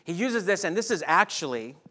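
A man preaching a sermon, animated, dropping to soft, hushed lines on key points. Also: sits high, brisk. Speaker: pastor.

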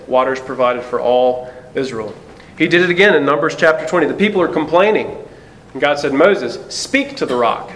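Male pastor, fairly high voice, earnest sermon delivery, slows and drops for emphasis, faint noise behind. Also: poor audio.

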